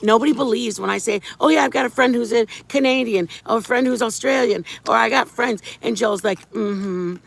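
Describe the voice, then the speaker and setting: A woman's voice: a little high, a little fast, vocal fry, hardly any pauses. A middle-aged woman hosting a casual livestream, rambling through a story and greeting viewers by name. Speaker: livestream host.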